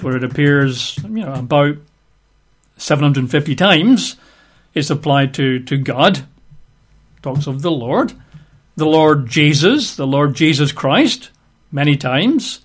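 Man teaching Bible study, methodical. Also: on the high side. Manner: methodical, spells out words letter by letter; rhetorical questions, emphatic asides.

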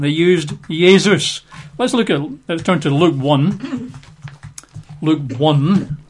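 Male Bible teacher, informal and wry, spells words out, slow pace, raised pitch. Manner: conversational, wry asides, spells out words letter by letter.

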